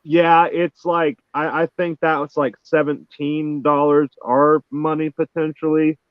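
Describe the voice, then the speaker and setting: A man's voice: a little high, little pitch movement, measured pace, no room sound. A man calling in, rambling and hesitant with many restarts. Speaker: caller. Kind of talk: casual call-in chat. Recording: tinny phone-like line.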